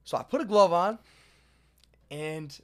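A young man casually telling a long story to a friend, animated and swearing as he goes. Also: high voice, a little slow, heavy background noise. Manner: animated, swearing, lively retelling.

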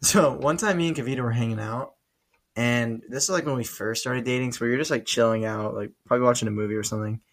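A young man co-hosting a podcast, telling stories in a loose, animated way and swearing often. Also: medium pitch, fast talker. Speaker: podcast co-host. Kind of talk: casual chat.

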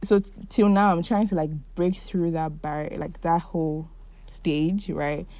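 A woman's voice: on the low side, fairly even intonation, unhurried. A woman in her twenties hosting her own podcast, talking through her feelings in a heartfelt, chatty solo monologue. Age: 20s. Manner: warm, heartfelt and chatty, with frequent likes. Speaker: podcast host.

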